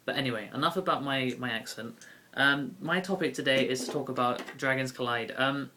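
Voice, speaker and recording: A man's voice: mid-range voice, a little fast, few pauses, heavy background noise. A young man with a British accent, talking casually to camera in a rambling vlog full of ums and restarts. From Britain. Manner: rambling, many fillers and self-corrections. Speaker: YouTube card game vlogger.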